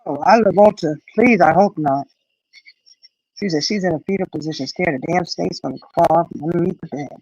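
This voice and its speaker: A woman's voice: fairly low pitch, fairly quick, slightly rough. A middle-aged woman chats casually on her live stream, telling a story with lots of feeling and putting on the voices of the people she quotes. The sound is dull and lo-fi, close and dry, with no room echo. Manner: animated storyteller, acts out quoted voices, frequent "you know".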